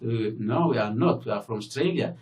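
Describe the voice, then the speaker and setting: A man whose first language is Arabic, teaching a recorded English lesson and explaining slowly with many fillers and repeated example words. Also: mid-range voice, animated, a little mellow, recorded from a distance. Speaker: university English lecturer. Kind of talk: recorded distance-learning lecture.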